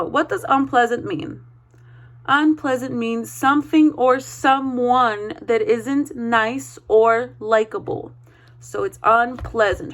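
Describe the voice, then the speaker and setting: A woman teaching a read-aloud vocabulary lesson, spelling words out slowly and encouraging the class. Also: fairly high pitch. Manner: slow, spells words letter by letter; encouraging, checks in with "okay?".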